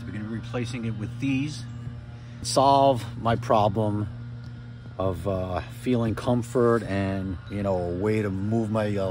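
A man's voice: lowish voice, background noise. Chatty man vlogging from his garage. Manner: rambling, friendly and chatty. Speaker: motorcycle vlogger. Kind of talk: casual vlog chat. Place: home garage.

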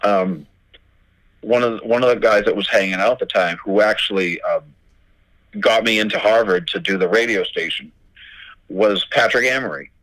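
Low-voiced man telling profane stories. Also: normal speed, a bit bright, no room sound, low-quality recording. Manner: swears freely, retells dialogue with "I go". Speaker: record label owner, guest. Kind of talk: storytelling in a podcast interview.

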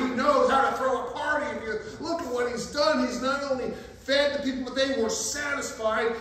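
A man preaching a sermon as pastor, telling the story in a lively way with humorous asides. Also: very high-pitched, slight background noise. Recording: very echoey, distant mic, faint ambience.

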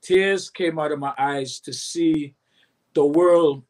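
A fairly high-pitched man talks slowly here. He's a recording artist in his fifties, telling his story to an interviewer, lively as he performs other people's lines and hums beats.

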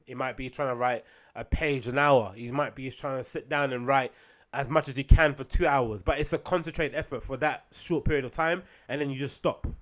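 A man hosting a solo podcast, rambling casually with frequent ums, swearing and rhetorical asides. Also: medium pitch. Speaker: podcast host.

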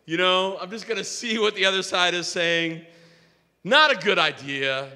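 Lively bright-voiced male pastor preaching. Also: high voice, moderate pace, long reverb tail. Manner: animated storytelling with self-mocking humor. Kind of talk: sermon. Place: church sanctuary.

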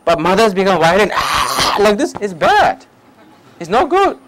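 High-voiced man teaching meditation. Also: sing-song, moderate pace, a bit bright, low-quality recording. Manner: simple broken English, short repeated phrases; questions the listeners directly. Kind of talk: public talk on meditation.

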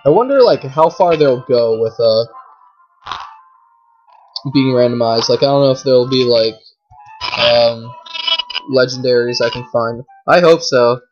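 A woman giving casual commentary while playing a game, chatty with lots of fillers, swinging from low mumbling to shrieking outbursts. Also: unhurried, pauses often, dull audio, over music. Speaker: gameplay commentator. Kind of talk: casual let's play commentary.

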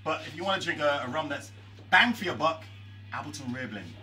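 A man's voice: a little high, expressive, brisk, bright, forceful tone, faint music behind. A man hosting a rum tasting in a busy bar, joking, laughing often and bantering with the audience. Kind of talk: jokey live presentation. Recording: noisy bar crowd, mic at a distance.

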